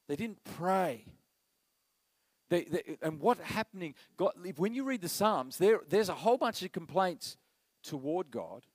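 A middle-aged man, preaching a sermon as pastor, animated and acting out quoted voices. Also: on the high side, dry recording, low-quality recording.

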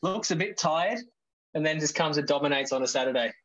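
A man talking as a guest on a casual podcast, hesitant with many ums, gently teasing his teammates. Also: fairly high pitch, animated, a little fast, dull audio.

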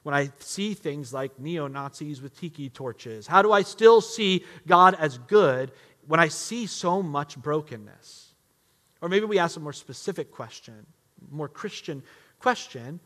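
A man preaching a sermon as a pastor, emphatic, swinging between loud outbursts and hushed, quiet lines. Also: on the high side, lively intonation, a little slow. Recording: long reverb of a large hall.

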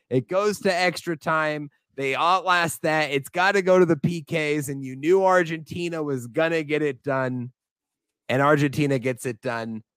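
An upbeat young man from the United States chats about sports as a podcast co-host. His voice sits fairly high and comes through dry and close, with no room sound around it. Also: clear, resonant tone, no echo. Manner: animated, enthusiastic, quick to laugh. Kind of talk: casual sports chat.

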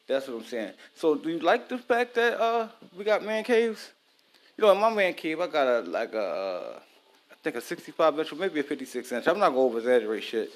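A man's voice: a little high, sing-song, brisk. Married man, loose profane cooking-vlog chat aimed at the camera. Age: adult, married. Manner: loose, profane, talks straight to viewers. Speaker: vlogger. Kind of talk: casual chat while cooking.

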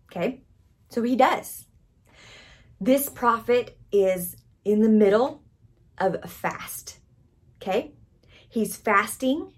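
A married woman preaching a sermon, telling a story with frequent "okay?" check-ins and dramatic swings from whispers to loud emphasis. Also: medium pitch, slightly rough.

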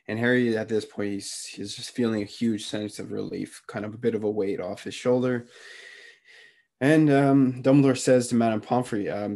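A young man co-hosting a podcast, retelling a book chapter in a relaxed, slangy way with many fillers. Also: lowish voice, moderate pace. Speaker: podcast co-host. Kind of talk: casual chapter recap.

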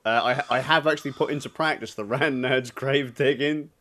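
A man, co-hosting a casual podcast and trading dry, dark-humoured quips. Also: mid-range voice, steady tone, brisk, slight background noise. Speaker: podcast co-host. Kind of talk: casual banter.

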